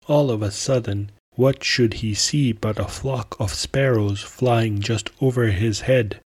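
A man narrating a folktale for a podcast with measured, deliberate storytelling. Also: lowish voice, husky.

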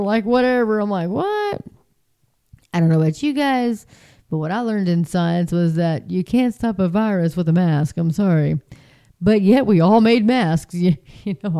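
A chatty middle-aged woman, talking straight to her viewers. Her voice is mellow and smooth, and she keeps jumping into high mocking voices. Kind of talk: casual spoken monologue.

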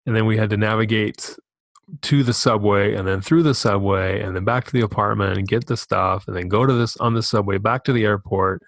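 Laid-back low-voiced middle-aged man. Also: fairly even intonation, brisk, vocal fry, no room sound. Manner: laid-back, short agreeing replies, trails off. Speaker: podcast co-host. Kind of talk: casual podcast chat.

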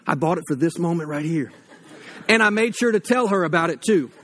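A man in his thirties delivers a sermon in a high, light voice. His preaching is blunt and conversational, with humorous asides and little acted-out quotes. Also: animated, fairly quick, fairly bright tone. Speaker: pastor.

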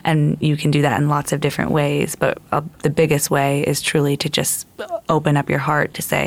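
A woman's voice: low-pitched, fairly even intonation, a little fast, gravelly. A woman giving earnest advice in casual talk, laying it out in numbered steps and acting out inner voices.

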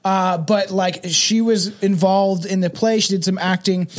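A man's voice: high-pitched, steady tone, unhurried. A man in his thirties from Canada, hosting a podcast as casual chat, rambling through stories with lots of fillers and laughs. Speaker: podcast host.

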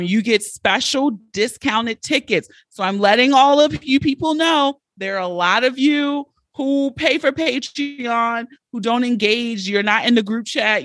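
A woman hosts her own podcast and talks alone into a close mic. She is blunt and animated and swears freely. The sound is dry, with no room around it. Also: mid-range voice, no echo. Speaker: podcast host. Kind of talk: solo podcast monologue.

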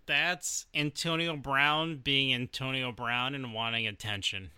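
Slow, bright-voiced man on a podcast. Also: medium pitch, fairly even intonation, clean tone, dry recording. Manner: slow, laid-back reactions and short quips. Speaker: podcast co-host. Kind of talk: casual podcast chat.

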